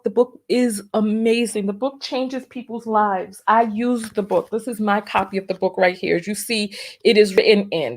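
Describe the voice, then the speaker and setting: A middle-aged woman vlogger talking emotionally about her past business and her book, fighting back tears and repeating herself. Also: medium pitch. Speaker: vlogger and entrepreneur. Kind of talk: emotional personal vlog.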